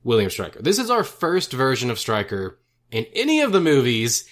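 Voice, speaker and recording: Chatting casually about films, this young podcast co-host has a mid-range voice whose pitch swoops wildly at a moderate pace. He rambles, keeps correcting himself, and laughs at his own jokes.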